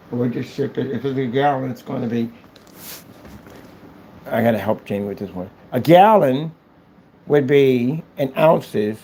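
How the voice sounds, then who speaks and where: A man's voice: mid-range voice, warm tone, a little hiss or hum. A man who runs a small business, talking casually and rambling as he works on a livestream, thinking aloud and mocking his critics. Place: indoor business premises.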